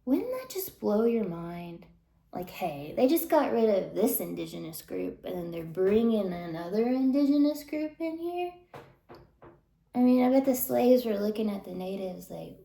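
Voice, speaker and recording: A woman ranting in an indignant monologue to camera, often dropping into hushed whispered asides. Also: medium pitch, very animated, normal speed, vocal fry, echoey room. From United States. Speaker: vlogger.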